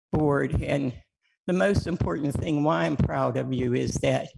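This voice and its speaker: A woman's voice: sits low, vocal fry, a little mellow, slightly rough, low-quality recording. A woman, a community TV producer, telling a chatty story at a council meeting and acting out the quoted voices. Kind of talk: public comment storytelling.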